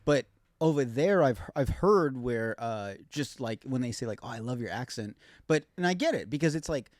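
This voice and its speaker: A man's voice: medium pitch, moderate pace, no echo, clean studio sound. Laid-back, rambling male podcast host. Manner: relaxed, rambling, swearing, many fillers. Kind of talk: casual chat.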